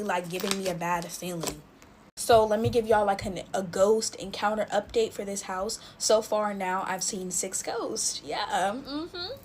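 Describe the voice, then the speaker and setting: A woman's voice: mid-range voice, background noise. A woman chatting straight to her viewers, telling a scary story while she makes slime. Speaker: storytime vlogger.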